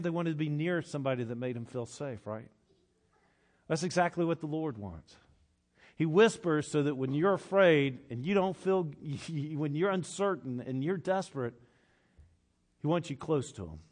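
A middle-aged man preaching a sermon. He swings from hushed to loud and slows down to stress his points. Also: fairly high pitch, lively intonation. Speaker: pastor.

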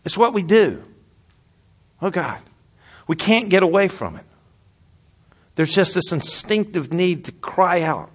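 A man preaching a sermon in an earnest way, rising to loud emphasis and then dropping to a hushed, quiet voice. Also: high-pitched, big pitch swings, unhurried, slightly rough. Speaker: pastor.

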